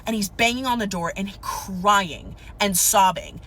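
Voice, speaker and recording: A woman's voice: mid-range voice, measured pace, fairly bright tone. A young woman telling a casual storytime to her viewers, chatty and exasperated, calling them divas. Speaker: storytime vlogger.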